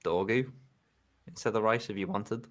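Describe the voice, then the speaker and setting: A man's voice: on the low side, normal speed. A man co-hosting a casual fantasy football podcast, teasing the others, chuckling, with stammered restarts. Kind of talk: casual chat.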